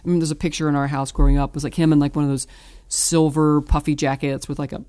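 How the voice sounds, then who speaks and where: A woman's voice: low voice, level tone, quick pace, warm tone. A woman in her fifties from the American South, talking in a casual, rambling way with many fillers and restarts. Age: 50s. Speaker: artist guest. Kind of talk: casual interview.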